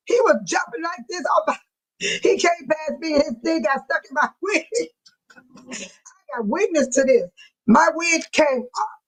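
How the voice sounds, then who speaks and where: A woman's voice: high voice, expressive, a little slow, pauses often, a bit bright, poor audio. An older woman, a grandmother, chatting casually with viewers on her livestream, telling stories and laughing often. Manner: addresses viewers by name. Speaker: livestream host.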